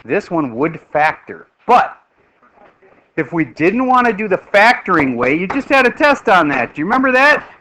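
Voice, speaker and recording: A middle-aged male math teacher in a classroom, with a bright voice pitched a little high. He jokes around and keeps quizzing the class as he works through a problem. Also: normal speed, a little hiss or hum, rough recording. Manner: lively, joking, quizzing the class.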